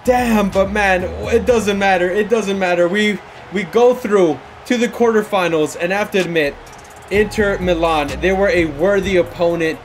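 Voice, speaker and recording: A young man commenting live on his own football video game match, excitable, with frustrated outbursts and shouts at big moments. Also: sits high, moderate pace, slight background noise. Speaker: gaming YouTuber.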